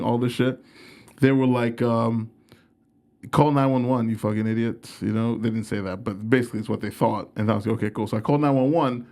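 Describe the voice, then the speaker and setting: A man's voice: medium pitch, a little mellow. Young male comedian guest, casual storyteller, profane and self-mocking.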